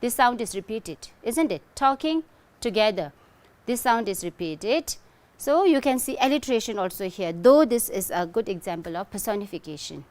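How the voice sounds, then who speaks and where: A woman's voice: medium pitch, animated, fairly quick, a little mellow. A middle-aged woman teaching an English lesson, explaining step by step and checking in often with "okay?" and "right?". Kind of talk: recorded online lesson.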